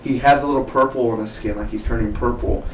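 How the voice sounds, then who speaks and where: A man giving a casual, excitable spoken review of a TV episode, chatty and full of "man" and "dude". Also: mid-range voice, fast. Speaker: TV show reviewer. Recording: echoey room, mic at a distance, faint background hum.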